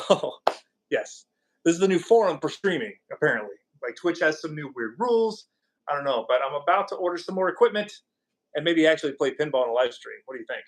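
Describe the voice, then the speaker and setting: Male streamer, somewhat high voice, loose and rambling, jokes with his chat. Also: very animated, a little fast. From California. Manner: rambling and jokey, reacting to chat. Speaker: podcast host. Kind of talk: casual live-stream chat.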